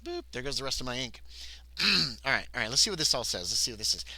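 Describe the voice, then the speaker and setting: A man livestreams a solo tabletop horror game, talking very fast in a mid-range voice with no echo. He reacts to the game and chats with viewers in an excitable ramble, often interrupting himself.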